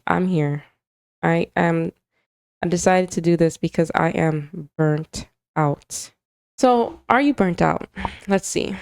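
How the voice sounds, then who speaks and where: Woman host with a warm, smooth voice. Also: lowish voice, no room sound, clean studio sound. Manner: confiding, emotional, talks straight to moms. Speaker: podcast host. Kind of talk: candid casual monologue.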